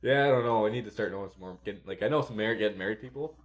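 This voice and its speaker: A man's voice: on the low side, racing. A man hosting a casual podcast chat, telling rambling stories and laughing often.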